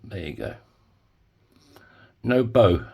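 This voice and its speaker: Chatty craftsman, low and lively. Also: drawn-out words, vocal fry, a little hiss or hum. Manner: chatty, jokey, self-mocking asides. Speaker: coin ring maker. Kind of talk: casual DIY tutorial. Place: home workshop.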